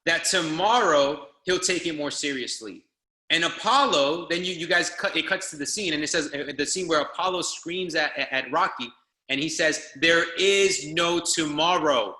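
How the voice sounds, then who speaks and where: A man's voice: a little high, moderate pace, sharp tone, echoey room. A man giving a motivational speech to a group call as a business trainer, exhorting and hammering the same phrases again and again. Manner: fired-up, hammering repetition, exhorting.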